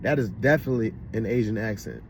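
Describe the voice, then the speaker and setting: A man's voice: lowish voice, quick pace, gravelly, a little hiss or hum. A man with a DC-area accent giving rambling, casual commentary, often asking if you know what he means. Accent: Washington DC area. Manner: rambling, with repeated fillers. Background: loud car passing outside.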